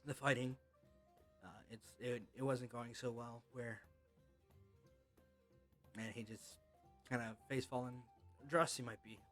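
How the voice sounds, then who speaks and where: Man, game master, tabletop game narration, tense bright voice, halting casual delivery. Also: mid-range voice, flat delivery, faint music behind.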